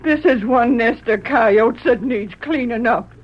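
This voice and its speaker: Slow earnest frontier wife, kinda high voice, muffled old radio. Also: female voice. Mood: grateful. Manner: slow, heartfelt. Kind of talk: 1940s radio drama acting. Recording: dull old radio recording with faint hiss.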